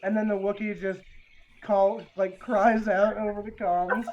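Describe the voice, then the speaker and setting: A man's voice: high-pitched, level tone, unhurried, lo-fi sound, a loud crowd. A man playing a tabletop game, laid-back and joking. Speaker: player.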